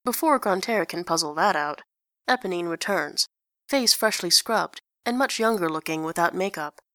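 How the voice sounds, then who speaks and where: A woman reading fiction aloud in an even, plain storytelling manner. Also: on the low side, moderate pace, no room sound, clean studio sound. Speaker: narrator.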